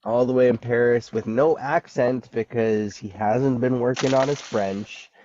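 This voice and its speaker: A man's voice: medium pitch, steady tone, measured pace, warm tone, dry recording, muffled recording. A man hosting a casual podcast, talking in a laid-back, loose way while getting over covid. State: recovering from covid. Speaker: podcast host.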